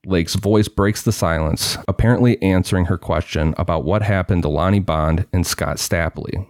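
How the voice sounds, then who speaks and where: A man with a very low voice narrates a true-crime story in a measured, steady way, then chats casually with his co-host. The sound is dry and close. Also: no echo. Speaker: podcast host.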